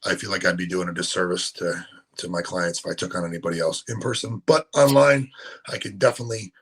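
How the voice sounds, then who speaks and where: A male bodybuilding coach answers questions in a low, husky voice. He talks in a laid-back, halting way, often restarting his sentences. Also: rough recording. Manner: relaxed, hesitant, many ums and restarts. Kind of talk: casual interview answers.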